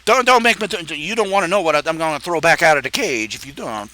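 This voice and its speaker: A man's voice: a little high, expressive, quick pace, sharp tone. A man chatting on a live stream as a comic artist, rambling and joking in a made-up accent. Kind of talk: casual live-stream chat.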